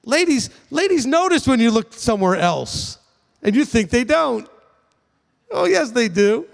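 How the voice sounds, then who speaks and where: A man's voice: extremely high pitch, big pitch swings, a little slow, gravelly. Guy rabbi teaching casual, keeps asking okay?, echoey hall. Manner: conversational, frequent "okay?" check-ins, emphatic. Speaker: rabbi answering questions.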